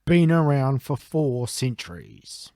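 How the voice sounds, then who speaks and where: A man playing a slow, scoffing skeptical captain. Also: mid-range voice, big pitch swings, mellow, no room sound, studio quality. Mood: dismissive. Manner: slow, dismissive, drawn-out.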